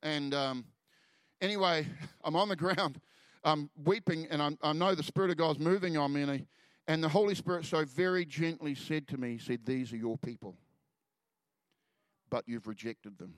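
A man telling a personal story in a sermon, earnest and halting, often trailing off softly before lifting into exhortation. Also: fairly high pitch, no room sound. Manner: earnest storytelling, halting restarts, soft drops in volume. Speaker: preacher. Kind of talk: sermon testimony.

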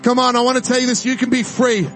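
A man's voice: very high voice, level tone, quick pace, fairly bright tone, faint music behind. A man from New preaching a charismatic sermon, exhorting the crowd and praying in tongues during the altar call. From New Zealand. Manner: fervent, exhorting, speaks in tongues. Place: church service with music behind.

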